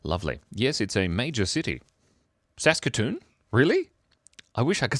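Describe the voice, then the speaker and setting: A man's voice: mid-range voice, sing-song, moderate pace, pauses often, dry recording. A man hosting a casual livestream chat, playful and silly, often giggling. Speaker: livestream host.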